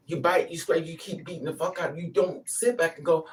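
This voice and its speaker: A person telling a personal story in a casual monologue, blunt and animated, swearing freely and breaking into loud, emphatic bursts. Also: medium pitch, normal speed, recorded from a distance.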